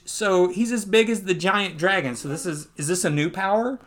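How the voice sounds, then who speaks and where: A man hosting a podcast, recapping a comic in casual chat. He talks in a loose, chatty way, laughs easily and jumps into squeaky voices when he acts out scenes. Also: moderate pace. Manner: animated, jumps into high squeaky voices when acting out lines. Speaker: podcast host.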